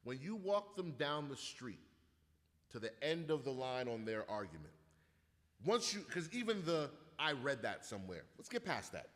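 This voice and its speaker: A man telling rambling, profane stories in a casual chat and building into loud rants. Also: medium pitch, very animated, moderate pace. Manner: profane, rambling storyteller who rants loudly. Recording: long hall reverb.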